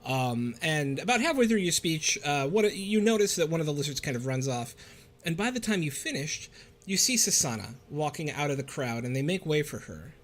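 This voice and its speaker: A man narrating as game master in a tabletop game, relaxed and full of fillers. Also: a little high, brisk.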